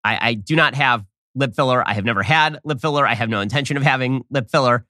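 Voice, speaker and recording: Fast-talking guy doing his commentary show, snarky, tense bright voice, tripping over restarts. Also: medium pitch, dry recording, clean studio sound. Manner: rapid, sardonic, many quick restarts. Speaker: political commentary host. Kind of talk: fast opinion monologue.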